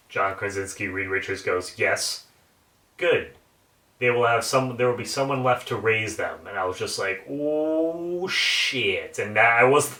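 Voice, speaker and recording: A man giving a casual, excited spoiler review of a film, swearing freely as he recaps scenes. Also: mid-range voice, distant mic. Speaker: movie reviewer. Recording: roomy echo, a bit off the mic.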